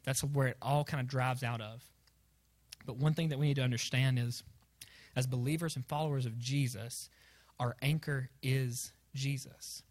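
A man's voice: mid-range voice, steady tone, moderate pace. A young man preaching to students, rambling and self-deprecating, full of fillers. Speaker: youth pastor. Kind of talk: sermon to students.

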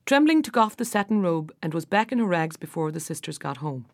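A woman narrating a folk fairy tale in an unhurried storytelling manner. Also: on the low side, very animated.

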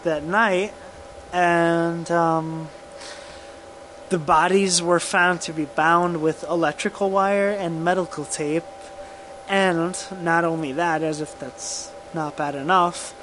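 A man co-hosting a podcast, telling a true crime case in casual profane chat, halting and laughing often. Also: a little high, fairly even intonation, a bit bright, slight background noise, rough recording. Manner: slow, halting, laughs often, drinking whiskey.

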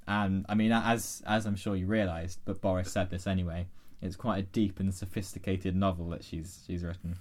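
A man hosting a casual podcast, reading listener emails aloud in a dry, deadpan way. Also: low-pitched, moderate pace. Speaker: podcast host.

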